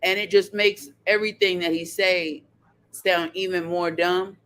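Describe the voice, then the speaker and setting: A woman hosting a casual podcast chat, animated and sassy, laughing often as she talks. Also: lowish voice, a little slow. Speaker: podcast host.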